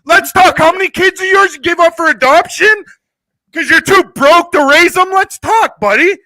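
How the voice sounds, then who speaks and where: A man in a heated live-stream argument, angrily insulting his rival and often shouting. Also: extremely high pitch, moderate pace, no echo, rough recording.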